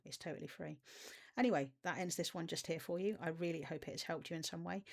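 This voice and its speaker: A coach of inner child healing talking to camera in a soft, nurturing and encouraging way, with chatty informal asides. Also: medium pitch. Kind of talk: self-help video talk to camera.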